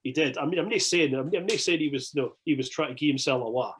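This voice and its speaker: A Scottish man, a podcast guest, telling an anecdote in casual chat, excitable, swearing a lot and restarting his sentences. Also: on the high side, fast, slight background noise, rough recording.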